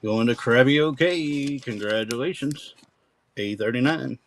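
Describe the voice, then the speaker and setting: A man's voice: medium pitch, a little slow, a little hiss or hum, rough recording. A man hosting a live-stream coin auction with folksy, rambling auctioneer patter.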